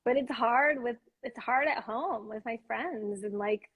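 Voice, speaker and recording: High husky woman chatting. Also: a little slow, narrow, tinny audio. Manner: chatty, filler-heavy, swears casually. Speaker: livestream co-host. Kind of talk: casual chat. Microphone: phone on a live stream.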